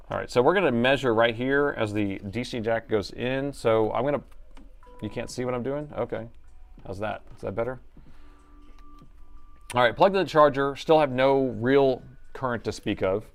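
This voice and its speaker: Pausing often at a moderate pace, a middle-aged man with a mid-range voice talks through a laptop repair on a live stream from his workshop. He rambles, jokes and thinks aloud, now and then adopting an announcer voice.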